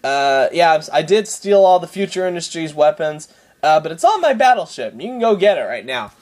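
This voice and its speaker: A man doing an offhand eccentric tycoon, stammering, breezy, lively pitch, a bit loud. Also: brisk. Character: flippant eccentric male tycoon shrugging off blame.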